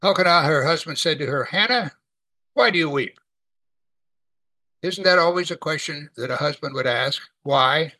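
A man preaching a sermon, teaching from the Bible in a conversational, animated way. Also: on the high side, fairly quick, few pauses, low-quality recording.

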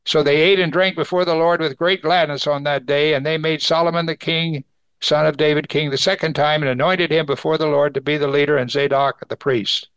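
A man's voice: on the high side, steady tone, fairly quick, clean tone, no echo. A man teaching verse by verse through a Bible passage, reading it aloud and adding exclaiming comments of his own. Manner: reads scripture then adds warm, exclaiming comments. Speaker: pastor.

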